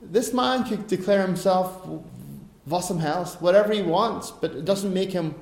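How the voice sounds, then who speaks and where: A man's voice: high-pitched, unhurried. A man voicing a scornful Roman governor who asks incredulous, mocking questions, recorded in an echoey room.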